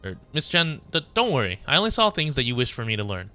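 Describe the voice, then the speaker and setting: A man voicing a gentle, earnest young girl who speaks timidly and stammers. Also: mid-range voice, sing-song, quick pace. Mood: nervous.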